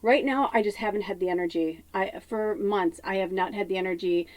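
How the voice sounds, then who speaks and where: A woman's voice: mid-range voice, a little fast, a little mellow, no echo. A woman psychic medium in a rambling spiritual monologue, often laughing and swearing casually as she talks.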